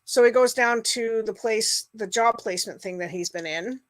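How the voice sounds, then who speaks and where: A woman's voice: fairly high pitch, moderate pace, no room sound. Middle-aged woman, rambling stream host, lots of fillers, dry close recording. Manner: chatty, rambling, full of fillers; greets and thanks chat viewers by name. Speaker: livestream host. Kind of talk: casual chat with live viewers.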